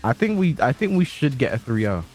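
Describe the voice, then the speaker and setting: A man commentating a fighting-game tournament stream in joking, animated banter with his co-host. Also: medium pitch, fairly quick, faint music behind. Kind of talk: casual esports commentary.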